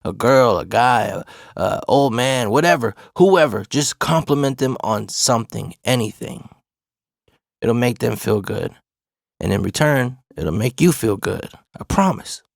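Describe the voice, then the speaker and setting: A man putting on his old high school basketball coach, blunt and insistent, swearing at times while he lectures. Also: expressive, measured pace, vocal fry, no echo, studio quality. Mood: earnest.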